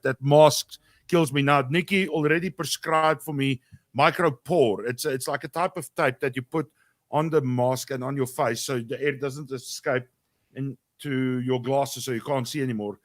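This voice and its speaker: A man's voice: mid-range voice, fairly even intonation, moderate pace, no echo. Man, co-host, chatty, repeats words, mid voice, dry sound. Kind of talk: casual interview chat.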